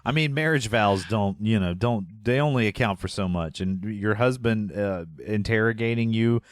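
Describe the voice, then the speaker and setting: Guy with a lowish voice recapping a movie on a podcast, rambly, dry close mic. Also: normal speed, no room sound. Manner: rambling, laughs into lines, trails off. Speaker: podcast co-host. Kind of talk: casual movie recap chat.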